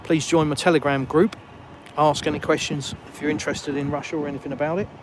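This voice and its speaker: Southern english guy walking around chatting to his stream, self-mocking, loud street noise behind. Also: fairly high pitch, little pitch movement, quick pace. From England. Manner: chatty, self-mocking, answers viewers casually. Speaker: live-stream host. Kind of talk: live stream chat, reading comments. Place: outdoors in a village, walking. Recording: noisy outdoor phone stream. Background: passing cars and street noise.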